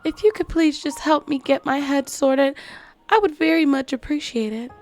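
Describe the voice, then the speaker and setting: A woman's voice: high-pitched, normal speed, a little mellow, faint music behind, close to an everyday voice. A woman voicing polite, bewildered Alice. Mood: confused. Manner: polite, prim, apologetic.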